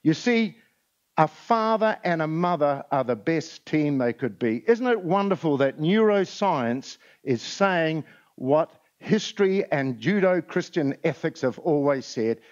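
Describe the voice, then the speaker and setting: In a lo-fi conference recording, a man delivers a motivational talk, telling stories and jokes with lots of "uh"s. He speaks at an unhurried pace in a voice on the high side with lively intonation.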